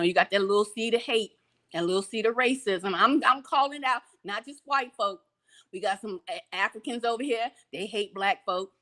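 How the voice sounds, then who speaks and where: A woman giving animated commentary on a news clip, preaching with rhetorical questions at her listeners. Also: high voice. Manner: preachy, rhetorical questions, laughs, slips into voices. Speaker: commentator reacting to a press clip.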